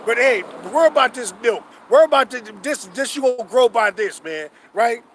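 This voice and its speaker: A man preaching outdoors, emphatic and profane, reading scripture slowly and asking rhetorical questions. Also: extremely high pitch, lively intonation, fairly bright tone, slight background noise. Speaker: street preacher. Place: outdoors on a city street.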